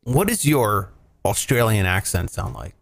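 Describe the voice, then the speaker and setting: A man's voice: sing-song, a little slow, gravelly. A man hosting a podcast, rambling and swearing in casual, joking banter. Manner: profane, rambling, jokey, big pitch jumps. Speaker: podcast host.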